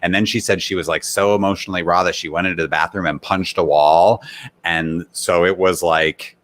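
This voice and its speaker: Man co-host, very low voice, loose casual recap full of fillers. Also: moderate pace. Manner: relaxed, lots of "like", acts out quotes. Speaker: podcast co-host. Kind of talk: casual chat.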